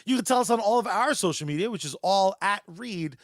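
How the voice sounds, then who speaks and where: A man with a high voice co-hosts a casual comic book podcast. He jokes around and rattles off sponsor plugs. The sound is dry and close, with no room around it. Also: animated, no room sound. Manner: joking, fast sponsor plugs. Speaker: podcast co-host.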